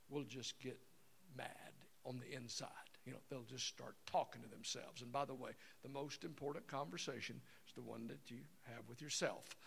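Gravelly and mid-range with a fairly bright tone, this sixty-something seminar speaker's voice comes across slightly rough. He teaches in a folksy, meandering way, performing everyday scenarios in character voices.

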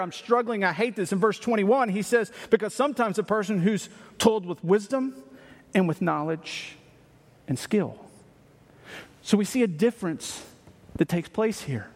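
A man's voice: sits high, normal speed, big-room sound. A man preaching a Sunday sermon, reading verses aloud and asking rhetorical questions, with emphatic restarts. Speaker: pastor.

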